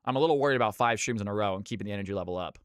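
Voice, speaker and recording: A man's voice: racing, clean tone, no room sound, clean studio sound. A man from Georgia in the US, casting a live game stream with lots of energy and chatting with viewers. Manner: high-energy, hyped.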